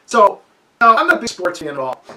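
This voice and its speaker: Animated man in his sixties, quick storyteller. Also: sits high, background noise. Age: 60s. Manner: animated, laughs often, acts out scenes. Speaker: amateur radio hobbyist. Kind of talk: casual storytelling. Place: home with a wood stove.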